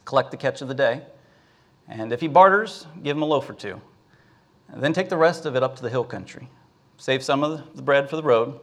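A man's voice: medium pitch, fairly quick, a bit bright, lightly acted. A man voicing a father who earnestly gives his son a list of errands. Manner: instructive, earnest.

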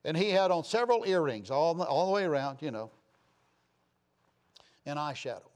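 A man delivers an impassioned sermon in a slightly high voice. He swings from loud, emphatic declarations down to quiet asides and keeps turning to his listeners with rhetorical questions. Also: big pitch swings, normal speed, clear, resonant tone.

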